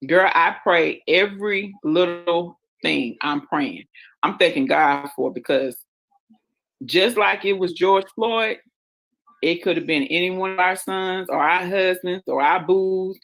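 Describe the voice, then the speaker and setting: A man with a Southern accent, co-hosting a casual chat show in an animated, teasing way. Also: high voice, a little slow, vocal fry, poor audio. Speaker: show co-host.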